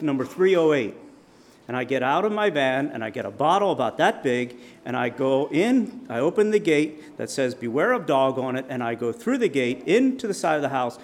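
A man preaching, telling a vivid personal story as a sermon illustration, with dramatic swings in loudness. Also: medium pitch.

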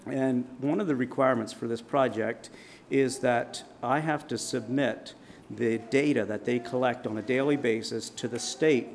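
A man delivers a sermon through a long personal story, voice at a middle pitch. He tells it vividly, getting loud at tense moments and dropping low for reflection. Faint background noise sits under the voice. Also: moderate pace. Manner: vivid storyteller, dramatic shouts in quotes. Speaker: preacher.

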